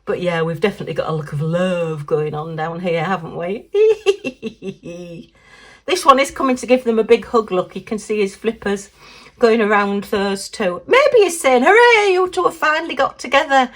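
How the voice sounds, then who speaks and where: A woman talking casually through an unboxing. She is chatty and quick to exclaim and giggle, and she talks to herself as she works. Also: medium pitch, very animated. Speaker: craft vlogger.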